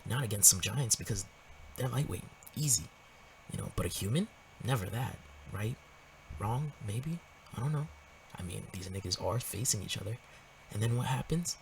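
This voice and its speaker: A man giving a casual, profane, animated breakdown of a comic, sometimes dropping into whispers for emphasis. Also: on the low side, creaky, distant mic, a little hiss or hum, low-quality recording. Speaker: manga commentator. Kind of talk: casual in-depth comic analysis.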